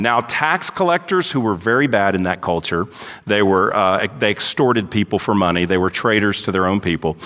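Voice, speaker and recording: A man's voice: mid-range voice, fairly bright tone. A male pastor preaching an expository sermon in a church, reading scripture aloud and then explaining it verse by verse. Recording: long hall reverb.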